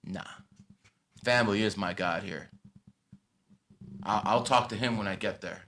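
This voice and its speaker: A man in his thirties talks in a bright, edgy voice, blunt and profane. He swings between loud rants and quieter asides in loose casual chat. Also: fairly low pitch, unhurried, slight background noise. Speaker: podcast host.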